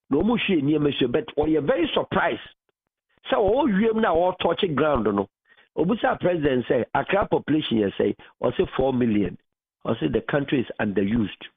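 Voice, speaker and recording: A Ghanaian man holds forth on a radio talk show, switching easily between Twi and English. His voice sits a little high and sounds husky, and his pitch moves a lot as he presses his argument. The sound is thin and band-limited, like a phone line on air. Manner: animated, mixing Twi and English, rising to loud emphasis. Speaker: radio host. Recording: phone-like radio broadcast audio.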